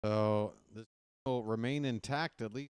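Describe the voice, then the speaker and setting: A man's voice: on the low side, unhurried, clean tone, dry recording, clean studio sound. A man hosting a baseball play-by-play livestream, chatting casually with viewers after the game and calling them folks. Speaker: play-by-play host.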